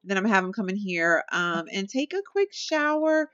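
Chatty, animated young woman narrating gameplay. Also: mid-range voice, a little fast, dull audio. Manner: chatty, animated, talks to viewers as y'all, laughs often. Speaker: gameplay commentator. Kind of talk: casual let's-play commentary.

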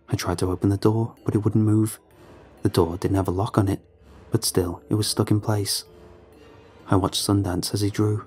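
Husky low male voice, somber horror storyteller, faint music bed. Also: level tone, moderate pace, darkish tone. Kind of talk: scripted horror narration.

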